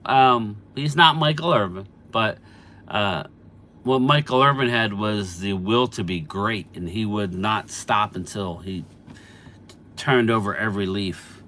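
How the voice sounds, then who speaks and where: A man's voice: lowish voice, a little slow, pushed and bright, a little hiss or hum. A middle-aged man casually hosting a live stream, chatting about football and answering viewers by name, a bit stuffy from allergies. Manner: chatty, reads out viewer names and replies. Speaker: sports channel host answering live chat.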